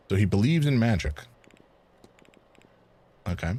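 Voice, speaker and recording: Man, game streamer, casual chatty commentary, low pitch, lively intonation. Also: moderate pace. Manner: chatty, playful asides.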